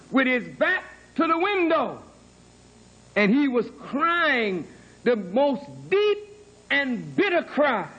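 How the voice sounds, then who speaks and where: A man preaching a sermon as dramatic storytelling, sinking low and quiet and then rising to emphatic, earnest peaks. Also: low-quality recording. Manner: earnest testimony, insisting on his honesty. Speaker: minister.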